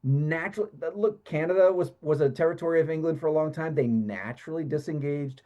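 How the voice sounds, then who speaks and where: A man's voice: fairly high pitch, a little fast, lo-fi sound. A man co-hosting a podcast in casual conversation, making his points emphatically and repeating words as he builds them up. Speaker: podcast co-host.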